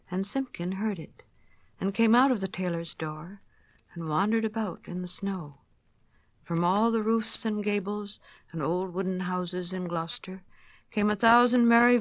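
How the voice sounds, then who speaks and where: A woman reading a children's storybook aloud, gentle and expressive, sometimes dropping to a near whisper. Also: on the low side, no room sound.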